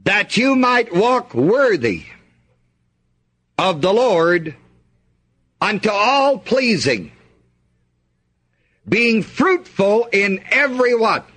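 A man's voice: high voice, very animated, very slow, long pauses, a bit bright. A man preaching a sermon, reading scripture aloud and asking the congregation to fill in the missing words.

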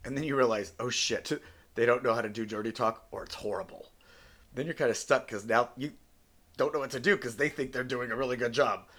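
A man's voice: medium pitch, fairly quick, fairly bright tone. A man hosting a solo podcast, speaking English as a second language, talking bluntly and with plenty of profanity in a joking way. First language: not English. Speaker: podcast host.

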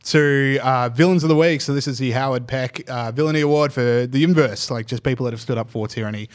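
A man's voice: medium pitch, fast. Wry Australian man co-hosting a podcast. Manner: wry, rambling, peppered with "like" and "uh". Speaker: podcast co-host. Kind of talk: casual chat.

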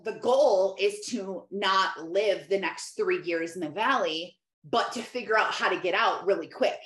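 A woman talking candidly and conversationally, telling personal stories in a reflective monologue. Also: medium pitch. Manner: candid, conversational, animated storytelling. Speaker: faith and lifestyle speaker. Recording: echoey room.

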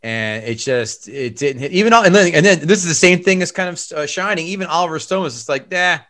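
A man's voice: on the high side, expressive, a little fast, fairly bright tone. A middle-aged man and comedian, a podcast guest, talking in a sarcastic, emphatic way. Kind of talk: casual interview chat.

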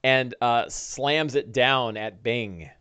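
A man narrating as game master, describing combat and breaking into loud monster voices. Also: mid-range voice, takes it slowly, smooth. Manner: lively narration with shouted orc voices.

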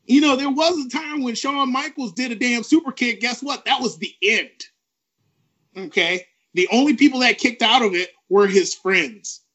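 A man co-hosting a podcast, ranting with animated, profane emphasis. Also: very high voice, normal speed, husky, highs cut off. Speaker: podcast co-host. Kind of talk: ranting wrestling podcast talk.

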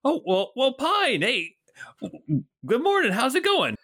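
A man's voice: extremely high pitch, wildly swooping pitch, a little slow, bright, forceful tone, pitched above the performer's own voice, full character voice. Man doing a chatty rotund old guard. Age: 50s. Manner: gossipy, rambling, conspiratorial. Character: chatty rotund older male city guard.

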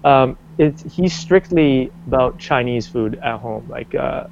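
A man's voice: mid-range voice, unhurried, gravelly, lo-fi sound, slight background noise. A young man from Canada being interviewed, talking casually with lots of fillers and restarts. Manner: rambling, many restarts and fillers, animated when quoting.

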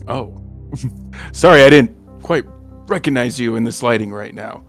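A man's voice: mid-range voice, a little slow, soft background music. Hesitant man playing his game character. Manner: hesitant, with fillers. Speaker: player.

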